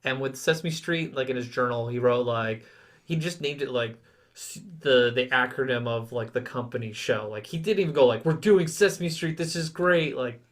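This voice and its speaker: A man's voice: medium pitch, moderate pace, fairly bright tone. Man, podcast co-host, casual chat, easygoing and joking. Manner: easygoing, joking, loose phrasing with many likes.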